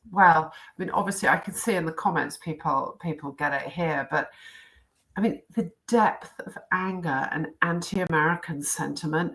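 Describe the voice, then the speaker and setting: A woman's voice: deep voice, fairly bright tone, poor audio. A British woman, a former diplomat, giving emphatic, indignant political commentary and listing her points one by one. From United Kingdom.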